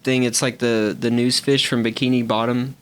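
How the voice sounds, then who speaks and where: A man's voice: mid-range voice, little pitch movement, moderate pace, smooth. A man co-hosting a podcast, tossing in teasing jokes during casual chat. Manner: joking, teasing interjections. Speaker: podcast co-host.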